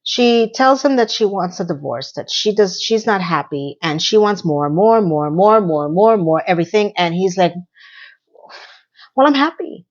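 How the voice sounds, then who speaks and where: A woman's voice: on the low side, expressive, normal speed, hardly any pauses, lo-fi sound. A woman giving a casual recap of a TV episode, with blunt, exasperated commentary and words she repeats for emphasis. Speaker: TV recap reviewer.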